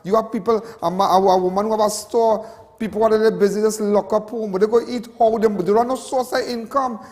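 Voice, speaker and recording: A man's voice: sits high, steady tone, fast, a little mellow, long reverb tail. A Trinidadian man hosting a TV show, talking in an emotional, rambling monologue full of repetition and local slang. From Trinidad and Tobago. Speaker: TV show host. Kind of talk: impassioned on-air monologue.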